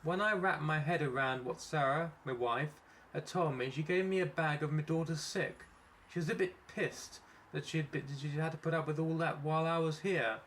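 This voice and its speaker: A long-winded male employee, stubborn and apologetic, talking in a raised, slightly higher voice than a plain telling , as a man reads him out. He rambles on with his excuse in a comic storybook reading. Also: normal speed, fairly bright tone, slight background noise, natural voice. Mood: rambling.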